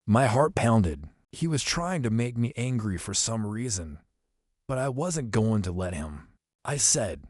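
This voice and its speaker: A man narrating an audiobook in a steady, even storytelling manner. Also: fairly low pitch, unhurried, no room sound, clean studio sound. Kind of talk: audiobook reading.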